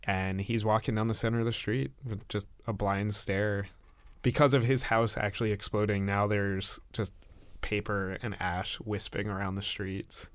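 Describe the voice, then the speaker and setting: A man with a fairly low voice narrates a tabletop scene in a measured, descriptive way. He sounds close and dry, with no room echo. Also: little pitch movement. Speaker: game player.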